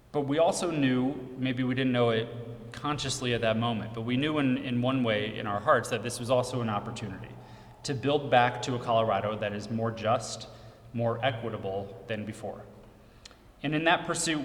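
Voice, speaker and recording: A man of middle pitch delivers an earnest prepared speech as a legislative leader, leaning on repeated phrases. The room is roomy, and a long reverb hangs behind his words. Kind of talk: prepared press conference speech. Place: large echoey press room.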